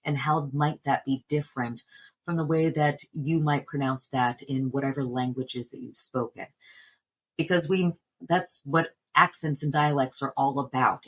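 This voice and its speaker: A woman's voice: rumbling low, husky, rough recording. An American woman from New Jersey, a voice coach, answering interview questions in an earnest, reflective way. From New Jersey, United States. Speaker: voice coach and actor.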